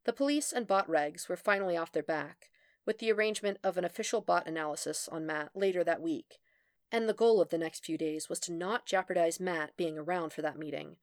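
A woman narrates a fan story aloud in a steady, even way. Her voice sits low, and the sound is close and dry with no room around it. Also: brisk, no echo. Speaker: podfic reader. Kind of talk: scripted narration.

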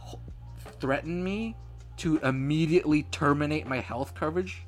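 A man from Canada co-hosting a casual podcast, telling a story in an animated rant full of swearing and acting out both sides of a phone call. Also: fairly high pitch, moderate pace, faint music behind. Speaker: podcast co-host.

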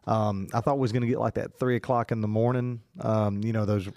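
A man talks through a casual podcast chat, circling his point with plenty of fillers and restarts. His voice sits a little low, and it is recorded close and dry in a small studio. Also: level tone, a little fast, gravelly, a little mellow, dry recording. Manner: rambling, many fillers and restarts. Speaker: podcast co-host.

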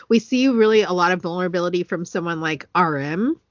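A woman's voice: on the low side, animated, fast, no echo. Woman, podcast co-host, casual chat, earnest, teary, filler words, dry dull recording. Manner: emotional, earnest, many fillers. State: tearful.

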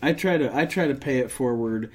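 A man's voice: medium pitch, a little fast. A man co-hosting a podcast in casual chat, ranting and swearing freely, often restarting sentences and joking at his own expense. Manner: many restarts and trailing off. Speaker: podcast co-host.

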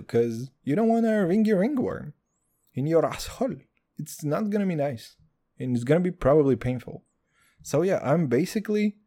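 A man's voice: fairly high pitch, lively intonation, moderate pace, mellow. A young man in casual chat, joking crudely and telling a story with lots of swearing.

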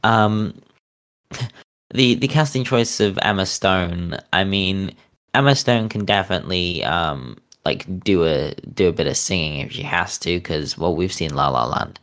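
Deep-voiced young British man chatting. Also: measured pace, a bit bright. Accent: neutral British, neither northern nor southern. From Britain. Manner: rambling, many fillers and restarts, cynical asides. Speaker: podcast co-host. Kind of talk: casual opinion chat.

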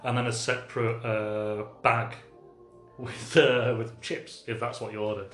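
A man's voice: medium pitch, flat delivery, measured pace, fairly bright tone, roomy sound, soft background music. A man on a casual podcast, telling a rambling, sweary story. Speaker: podcast co-host. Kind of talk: casual chat.

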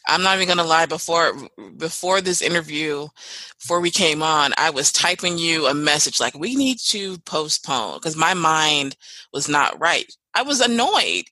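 Bright-voiced earnest podcast host. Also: mid-range voice, normal speed, dry recording, low-quality recording. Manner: earnest, expressive, animated when telling stories. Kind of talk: conversational interview.

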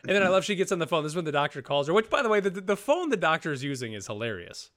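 Casual podcast co-host, man, slightly higher voice, loose and rambling, laughs easily. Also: big pitch swings, racing, fairly bright tone. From United States. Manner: rambling, laughs often, retells scenes. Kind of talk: casual chat recapping a TV episode.

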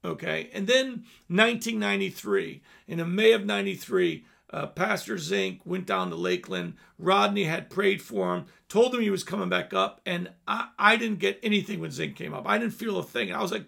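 A man's voice: high voice, very animated, normal speed, vocal fry, hardly any pauses, fairly bright tone. A man in his fifties preaching an earnest sermon, dropping at times to near-whispers. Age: 50s. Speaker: pastor.

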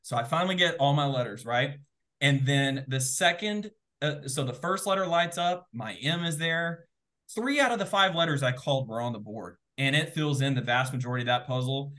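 A man guest telling an excitable, animated story in a casual interview, full of fillers and quick asides. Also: medium pitch. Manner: excitable, animated, rapid filler-heavy retelling. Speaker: guest, former game show contestant.

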